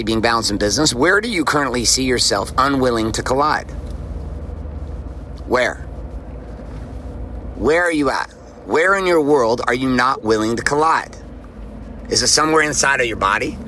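A man delivering a motivational monologue as a podcast host. His talk is blunt, profane and fired-up, at an average pitch. There is a faint hum of noise behind him, with what sounds like a vehicle. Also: animated, moderate pace, pauses often, bright, forceful tone.

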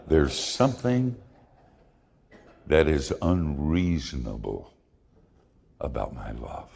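A deep, gravelly man preaches slowly, his pitch swinging widely as he leans into funny, confessional stories. A long hall reverb lingers behind his words. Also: big pitch swings, a little mellow. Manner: folksy, humorous and confessional. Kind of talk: sermon with storytelling.

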